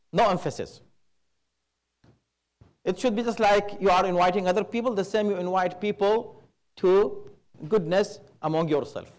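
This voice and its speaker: Man, religious lecture, high-pitched voice, slow emphatic delivery, Arabic terms. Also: darkish tone. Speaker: preacher at a religious gathering. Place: Islamic center hall.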